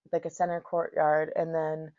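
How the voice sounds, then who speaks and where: A woman in her thirties tells a story in a loose, chatty podcast style, filling her sentences with "like" and breaking into laughter. Her voice sits a little low for a woman. The recording sounds somewhat dull and lo-fi. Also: moderate pace. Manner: animated, chatty, frequent "like" and laughter. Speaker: podcast host, yoga teacher. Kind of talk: casual storytelling.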